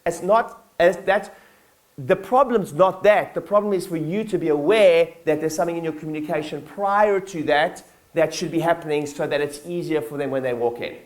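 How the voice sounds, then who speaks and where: A man giving a live keynote talk to his staff at a company conference, energetic and blunt, swearing casually and acting out little scenes. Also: on the high side, normal speed. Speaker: business owner addressing his staff.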